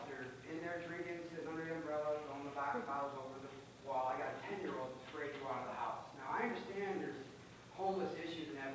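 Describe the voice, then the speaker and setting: Agitated man in an echoey chamber. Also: on the high side. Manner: agitated, emotional, with repeated restarts. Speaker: resident speaking at public comment. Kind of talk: public comment at a council meeting. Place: council chamber. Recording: far-off mic in an echoey chamber, faint noise.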